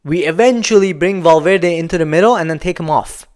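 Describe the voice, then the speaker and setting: A young man delivers a solo football reaction rant, emphatic and repetitive as he vents his frustration. His voice sits a bit high and comes through smooth and clear. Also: a little fast, darkish tone. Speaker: football channel host.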